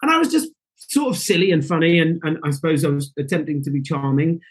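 Husky British man telling a story. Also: fairly high pitch, fast talker. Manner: animated, acts out quoted voices, emotional. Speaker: actor, interview guest. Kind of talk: casual storytelling interview.

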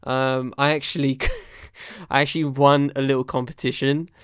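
A man's voice: mid-range voice, level tone, moderate pace, a bit bright, clean tone, no room sound, clean studio sound. A man hosting a casual podcast, talking through albums in a loose, rambling way with many fillers and restarts. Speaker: podcast host reviewing albums. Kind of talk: casual chat.

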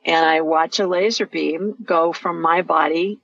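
A woman's voice: low-pitched, fairly even intonation, a little slow, vocal fry, a bit bright, dry recording. A woman hosting a live call-in radio show, talking callers through her visions in a chatty, reassuring way. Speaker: radio show host, intuitive healer. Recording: dry, muffled radio audio.

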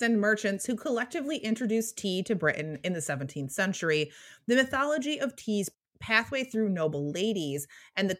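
Lively-voiced woman co-hosting a history podcast. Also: medium pitch. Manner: reads quotes slowly and with a lilt. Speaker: podcast co-host. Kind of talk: history podcast, reading aloud.

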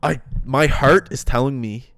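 A man's voice: mid-range voice, unhurried, creaky, a bit bright, dry recording. A young man hosting a casual podcast chat, loose and slangy, on a dry close mic. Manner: laid-back, loose and slangy. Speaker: podcast host.

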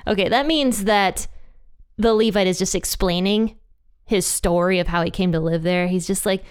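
A woman's voice: medium pitch, normal speed, clean tone. A woman teaching a Bible passage in a casual, chatty way, retelling the story conversationally. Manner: chatty, conversational retelling with playful quoted voices.

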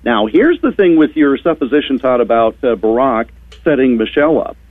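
A wry, sarcastic male commentator heard over a tinny phone line. His pitch moves a lot, and the sound is dry. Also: very animated, moderate pace, no room sound. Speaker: radio guest commentator. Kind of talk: opinionated radio commentary.

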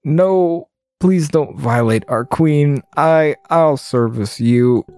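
A man's voice: a little high, slow pace, darkish tone, pitched above the performer's own voice. A man voicing a young female mage in a game, in a raised, strained, pleading voice.

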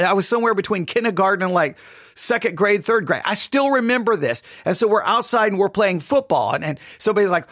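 Man from Texas, fairly high voice, candid animated storytelling, close dry mic. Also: no room sound. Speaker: Christian commentator. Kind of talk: casual spoken monologue. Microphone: studio microphone.

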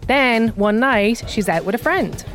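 A woman's voice: fairly high pitch, lively intonation, a little slow, music in the background. A woman hosting a podcast, narrating and interviewing in a conversational, storytelling way. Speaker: podcast host.

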